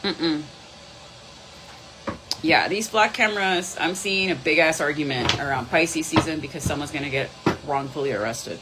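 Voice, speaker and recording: A woman's voice: low voice, moderate pace, background noise. A woman doing a live tarot reading, blunt and profane, switching between English and Spanish. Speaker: tarot reader.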